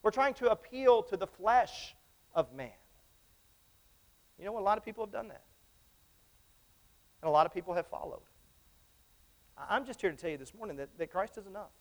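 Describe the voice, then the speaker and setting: Preaching in church, this high-pitched man uses lively intonation at a moderate pace and pauses often. He delivers his sermon emphatically, returning to the same phrases and repeatedly asking his congregation questions.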